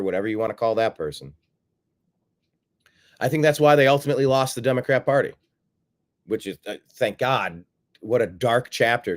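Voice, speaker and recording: A man hosting a political commentary show, combative and sarcastic, repeating phrases for emphasis. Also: mid-range voice. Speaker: host.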